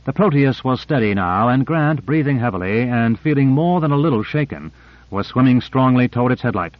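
Man, audiobook narration, measured reading, dry close sound, slightly dull. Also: medium pitch, animated, no echo.

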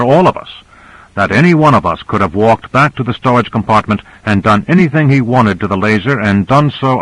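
A man's voice: medium pitch, fairly bright tone, dry recording, poor audio. A male narrator voicing Grant, a tense, guarded agent who answers tersely. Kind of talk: audiobook character reading.

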